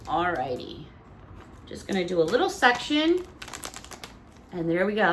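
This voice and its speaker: A woman's voice: fairly low pitch, big pitch swings, takes it slowly, long pauses, slight background noise. A middle-aged woman vlogger chatting casually and cheerfully as she unboxes a haul, exclaiming over each item.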